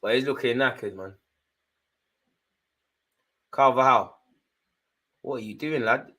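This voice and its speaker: Jokey man doing live match banter. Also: slow. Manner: chatty, jokey running banter with slang; swings between excited outbursts and low muttered asides. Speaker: fan watchalong host. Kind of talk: live football watchalong commentary.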